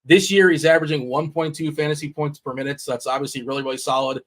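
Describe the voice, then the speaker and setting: A man's voice: on the high side, steady tone, fast talker, fairly bright tone. A man hosting a fantasy sports livestream, talking casually and with animation, rambling and laughing often. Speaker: DFS show host.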